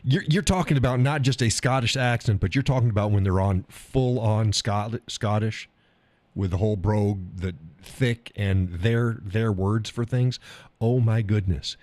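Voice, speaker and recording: A man's voice: fairly low pitch, moderate pace, a little mellow, no echo. A man hosting a live stream, chatting casually about viewer comments, rambling, repeating himself and chuckling often.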